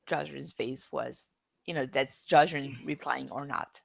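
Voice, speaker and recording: Woman co-host, gravelly tone, dry home mic, halting casual talk. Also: very deep voice, steady tone, dry recording. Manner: halting, full of fillers and restarts. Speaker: podcast co-host. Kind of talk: casual podcast discussion. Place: home room.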